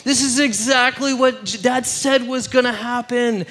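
A man's voice: extremely high pitch, fairly even intonation, a little slow, fairly bright tone, pitched above the performer's own voice, full character voice. A man voicing a group of panicked grown brothers, exclaiming frantically in a retold story. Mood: frantic.

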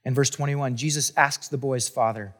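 Chatty pastor in a reverberant hall. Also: male voice, medium pitch, steady tone, moderate pace, fairly bright tone. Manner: casual and chatty, with frequent restarts and asides. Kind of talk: conversational sermon.

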